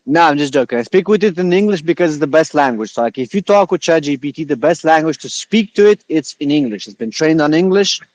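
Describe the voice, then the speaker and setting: Brief: man, podcast guest, casual and jokey, slightly higher voice, dry close recording. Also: quick pace, hardly any pauses, no echo. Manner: relaxed, jokey, uses many filler likes.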